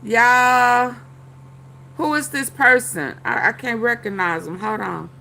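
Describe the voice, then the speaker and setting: A woman's voice: fairly high pitch, takes it slowly, gravelly, pushed and bright, slight background noise. A woman hosting casual commentary, rambling straight to her viewers and swearing as she hunts for clips to react to. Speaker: commentary channel host.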